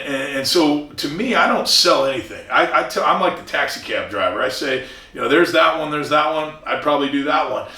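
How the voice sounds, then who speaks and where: A man's voice: mid-range voice, creaky, pushed and bright, roomy sound, far from the mic. A man, a commercial real estate broker, speaking earnestly as an interview guest, often restarting and acting out what others said. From Southern California. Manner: earnest, many restarts, acts out quoted people. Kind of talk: casual interview talk.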